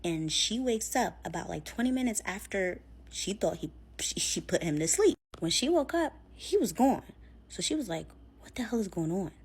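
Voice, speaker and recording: Husky-ish woman telling a creepy story to her followers, super casual, acts out the quotes. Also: mid-range voice, very animated, normal speed. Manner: chatty, filler-heavy, acts out quotes.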